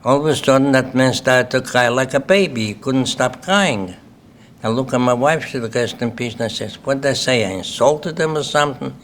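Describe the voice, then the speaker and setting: Older man, Lithuanian accent, survivor telling his story to an audience, plain-spoken, often asks "okay?", middle-pitched voice, faint hiss behind. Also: normal speed, a bit bright. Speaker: Holocaust survivor speaker. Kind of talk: personal testimony talk. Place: symposium hall.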